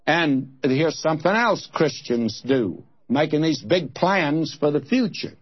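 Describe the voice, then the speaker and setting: An older man preaches in a homespun, plain-spoken way, asking his listeners pointed questions as he works through a text. His voice is husky and sits a bit high for a man. The sound is dull and lo-fi, like an old radio broadcast. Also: big pitch swings, slow. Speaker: radio Bible teacher. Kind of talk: folksy sermon teaching.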